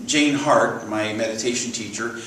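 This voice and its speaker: A man giving a sermon in a church, telling animated personal stories and leading the congregation in repeated affirmations. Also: on the low side, moderate pace, a little hiss or hum. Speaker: minister. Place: church sanctuary. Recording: echoey hall from far off.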